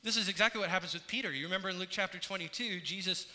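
High, bright-voiced man preaching in a hall. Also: racing. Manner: earnest preaching, swinging from hushed to emphatic. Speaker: pastor. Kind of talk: sermon. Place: church sanctuary. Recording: reverberant hall sound.

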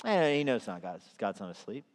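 Heard with the reverb of a church hall, this pastor's sermon is animated and a little fast. Scripture quotes push his pitch and volume upward.

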